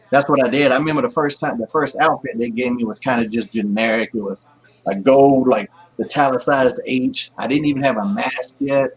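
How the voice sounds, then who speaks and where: A man in his forties telling stories as an interview guest, acting out the people he quotes, talking on a video call from home. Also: mid-range voice. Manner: lively storyteller who acts out quotes. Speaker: guest, pro wrestler. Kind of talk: casual anecdote in an interview. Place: at home, kids and pet nearby. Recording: slightly muffled, husky lo-fi audio.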